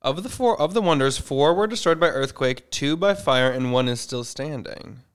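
Smooth-voiced laughing man co-hosting. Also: a little high, expressive, normal speed. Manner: jokey, laughs often, trails off mid-sentence. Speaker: podcast co-host. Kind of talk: casual chat.

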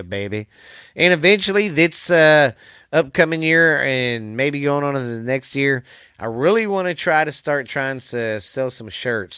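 This Texan podcast host talks alone from his home studio, rambling in a folksy, profane manner into a studio mic that appears on camera. His voice is medium-pitched, bright, forceful and smooth, and the recording is dry.

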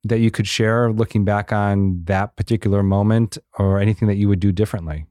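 A man hosting a podcast, asking measured, reflective interview questions. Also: lowish voice, fairly even intonation, dark tone, no echo, studio quality. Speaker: podcast host. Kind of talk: interview conversation.

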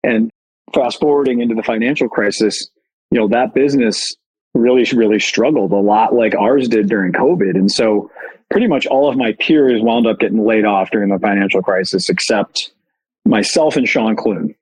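Husky-voiced man. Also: lowish voice, moderate pace, low-quality recording. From Chicago. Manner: animated, candid, self-deprecating. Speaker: guest, company founder. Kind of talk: casual storytelling.

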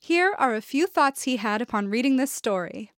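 A woman hosting a podcast, reading sponsor credits and introductions in a clear, measured manner. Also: fairly high pitch, expressive, fairly bright tone, dry recording, studio quality. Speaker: podcast host and artistic director. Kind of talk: scripted host announcements.

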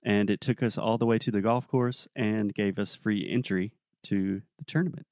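A young adult man co-hosting a podcast, telling a story in a relaxed, casual way with plenty of fillers. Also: fairly low pitch, moderate pace, no echo, clean studio sound. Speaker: podcast co-host.

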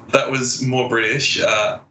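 A man's voice: medium pitch, expressive, fairly quick, a bit bright, slight background noise. A man co-hosting a casual podcast chat, laid-back and teasing with frequent chuckles. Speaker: podcast co-host. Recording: roomy echo.

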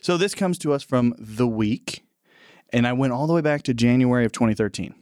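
A man co-hosting a comedy podcast, telling stories in a playful, deadpan way. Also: mid-range voice, a little fast, dry recording, studio quality. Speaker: podcast co-host. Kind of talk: casual comedic chat.

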